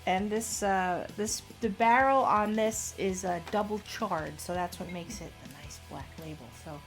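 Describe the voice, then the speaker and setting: A middle-aged woman from Long Island hosts a relaxed podcast in a studio. She chats easily, laughs often and reads her notes aloud as she goes. Her voice sits at a middle pitch, with faint music underneath. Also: a little slow. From Long Island, New York. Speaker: podcast host. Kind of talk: casual chat.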